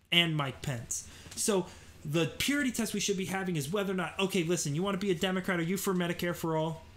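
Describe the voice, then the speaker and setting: A man's voice: fairly high pitch, fairly bright tone. A man hosting a live political commentary show, talking in an opinionated, rambling way with many fillers and restarts. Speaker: host.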